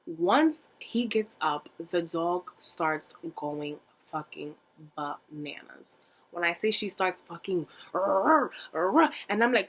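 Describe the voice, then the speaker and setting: A young woman telling a story in a casual vlog, animated and dramatic, swearing freely and packing her talk with fillers. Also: fairly low pitch, takes it slowly, slight background noise. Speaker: vlogger.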